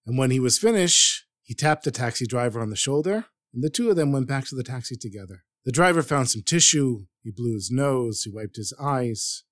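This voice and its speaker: A man's voice: medium pitch, brisk, hardly any pauses, no echo. A dry-sounding male storyteller. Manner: earnest, expressive storytelling. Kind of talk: narrated story.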